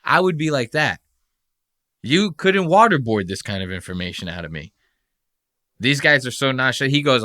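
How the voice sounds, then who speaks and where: A man's voice: medium pitch, expressive, normal speed, sharp tone, dry recording, clean studio sound. A man hosting a podcast, ranting in a casual, profane and mocking way. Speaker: podcast host. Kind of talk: casual comedic podcast rant.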